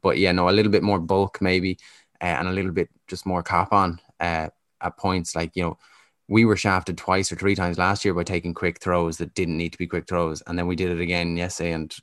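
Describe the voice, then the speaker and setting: A man's voice: low-pitched, flat delivery, a little fast, a bit bright, no echo, studio quality. A man talking casually on a sports podcast, opinionated and matter-of-fact. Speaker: podcast co-host.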